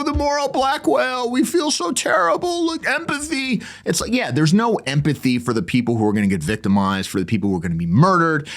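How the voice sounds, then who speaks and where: Sarcastic man with a lively, swinging pitch. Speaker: podcast host. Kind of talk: political commentary monologue.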